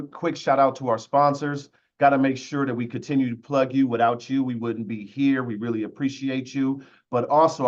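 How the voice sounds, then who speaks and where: A man hosting a webinar with lots of energy, giving shout-outs in a loose, slangy way over a video call. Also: medium pitch, lo-fi sound. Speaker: webinar host.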